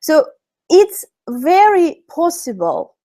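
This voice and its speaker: A woman's voice: very high-pitched, big pitch swings, takes it slowly, warm tone. A woman with a Russian accent teaching English communication in a webinar, chatty with frequent fillers. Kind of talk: webinar lesson.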